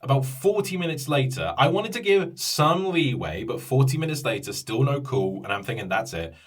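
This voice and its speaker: A man's voice: mid-range voice, very animated, moderate pace, breathy edge, distant mic. A man telling a frustrated story in a casual vlog rant, stumbling and restarting as he swears about his ordeal. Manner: exasperated, swearing, many restarts and quoted voices.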